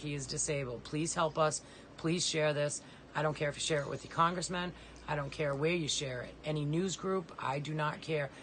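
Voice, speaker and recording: Middle-aged mom pleading for help, urgent and plain-spoken, bright sharp voice. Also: female voice, deep voice, a little hiss or hum, rough recording. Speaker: mother of a disabled son. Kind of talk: personal appeal video.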